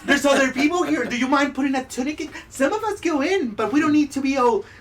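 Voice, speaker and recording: Man doing a shrill indignant lady. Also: fast, fairly bright tone. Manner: fussy, scolding. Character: indignant flustered woman at a bathhouse. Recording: distant mic, faint noise.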